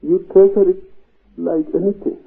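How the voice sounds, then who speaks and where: A man giving a slow spiritual discourse as a teacher, deliberate with long pauses and emphatic rises on key words. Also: high-pitched, steady tone, vocal fry. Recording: tinny phone-like old tape.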